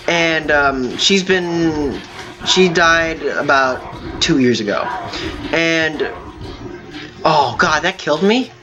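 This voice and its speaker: Guy telling a creepy story while he games, lots of ums and restarts, music going behind him. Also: a little high. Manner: rambling, halting storytelling with many fillers. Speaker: gaming channel host. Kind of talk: telling a story over gameplay.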